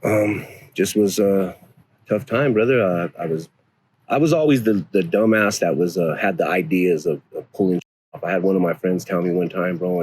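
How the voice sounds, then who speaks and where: A man in his forties from North Denver, telling rough stories from his past in casual, profane street slang. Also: low voice, a little mellow, a little hiss or hum. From North Denver, USA. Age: 40s. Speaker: interviewee. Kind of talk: casual storytelling.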